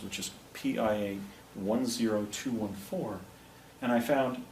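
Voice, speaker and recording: A man's voice: on the low side, darkish tone. A middle-aged man from New Jersey giving an anecdotal presentation, rambling with restarts and asides. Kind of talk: anecdotal public talk. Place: presentation room with a projector. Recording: echoey room, distant mic, faint noise.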